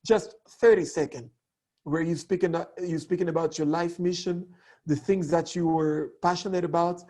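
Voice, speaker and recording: A man teaching a lesson on public speaking, hoarse with a cracked voice, talking in an animated way that swoops between high and low tones. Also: normal speed. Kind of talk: online lesson.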